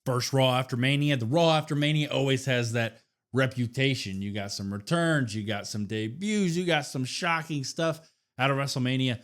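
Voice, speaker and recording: A man with an ordinary mid-range voice co-hosts a casual podcast. He talks in a relaxed, plain-spoken way. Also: mid-range voice, normal speed. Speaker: podcast co-host. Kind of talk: casual wrestling podcast chat.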